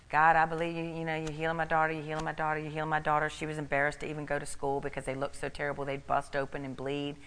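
A woman's voice: low-pitched, creaky, fairly bright tone, big-room sound. A middle-aged woman preaching a sermon, emphatic and repeating key phrases for stress.

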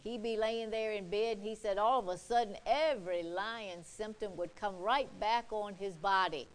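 A woman's voice: mid-range voice, normal speed, low-quality recording. Woman preacher, emphatic sermon delivery, repeats for emphasis, quotes scripture.

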